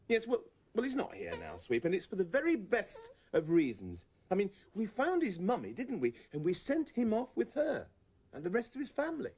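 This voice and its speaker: A woman presenting a children's puppet show, gently coaxing and soothing the puppets as if they were small children. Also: medium pitch, wildly swooping pitch, moderate pace. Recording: old VHS tape with music and hiss.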